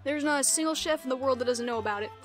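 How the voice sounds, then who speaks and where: A woman's voice: sits high, racing, over music, natural voice. A woman reading game dialogue aloud, voicing a proud older male cat chef with a folksy Southern accent and a grandiose manner. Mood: boastful.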